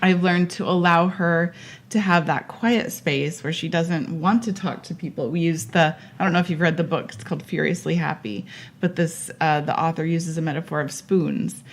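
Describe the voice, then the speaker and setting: A woman's voice: sits low, moderate pace. A woman in her forties co-hosting a podcast, chatting casually and laughing as she tells stories. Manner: warm, laughing, animated storyteller. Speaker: podcast co-host. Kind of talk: casual conversation.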